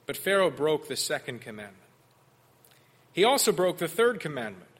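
A man preaching an expository sermon, earnest and measured. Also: a little high, big pitch swings, husky. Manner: earnest expository preaching, mimics sarcastic voices in quotes.

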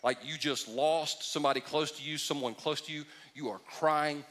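Male pastor, middle-aged, bright and high, animated sermon delivery with comic impressions. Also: normal speed. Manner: animated, joking, mocking impressions.

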